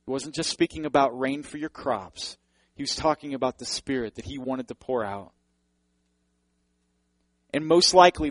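A man's voice: mid-range voice, dry recording, low-quality recording. Fervent male preacher, dry close sound. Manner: earnest, building to fervent emphasis; speaks directly to the congregation. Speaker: pastor. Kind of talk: sermon.

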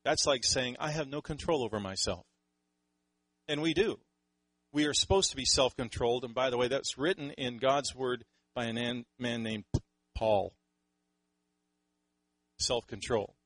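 A Canadian man preaching a sermon in a conversational, animated way, often acting out what people say. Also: mid-range voice, dry recording, rough recording. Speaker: pastor.

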